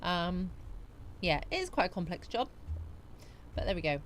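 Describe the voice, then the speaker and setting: A very animated woman from the West Country, England, hosts a live chat stream from a small home studio, talking at normal speed in a fairly low voice over a little hiss or hum. Though sleepy and yawning, she greets viewers by name and answers what they write.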